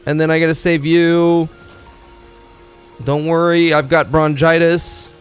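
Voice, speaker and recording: A man streaming a video game, talking in a rambling, excitable, profane way as he plays. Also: a little high, a little slow, smooth. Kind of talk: casual gaming commentary. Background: faint game music.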